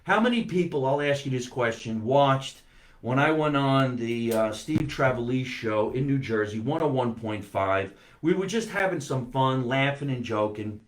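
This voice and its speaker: A male comedian talks casually on a live stream in a mid-pitched voice. His delivery is chatty and animated, and he greets viewers as he reads their comments. The room gives his voice a noticeable echo. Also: moderate pace. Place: home basement.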